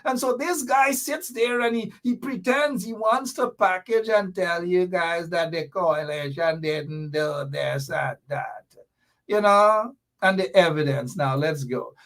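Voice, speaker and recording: Fiery Guyanese man, high voice. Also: unhurried, fairly bright tone. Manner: fiery, sarcastic, repeating jabs. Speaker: political commentary host. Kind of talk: opinionated political commentary.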